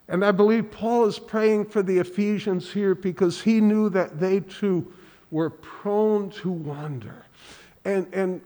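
A man preaching a sermon in earnest, halting speech, often restarting and repeating words. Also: high-pitched, warm tone, long reverb tail. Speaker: pastor. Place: church sanctuary.

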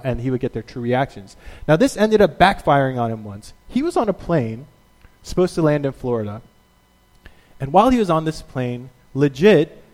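Animated male pastor in a reverberant hall. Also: fairly high pitch. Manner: animated storyteller acting out quotes. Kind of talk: sermon.

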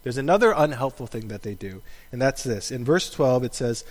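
A man in his thirties preaching a sermon as pastor, animated, acting out quoted voices with bursts of laughter. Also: medium pitch, fairly quick, few pauses. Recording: echoey hall sound.

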